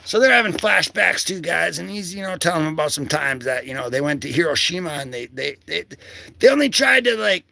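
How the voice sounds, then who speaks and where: A man's voice: a little high, fairly quick, creaky, hardly any pauses, pushed and bright, no room sound. A man hosting a casual livestream, rambling through comic pages in slangy talk full of fillers and greeting viewers in chat. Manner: talks to chat viewers by name. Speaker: livestream host.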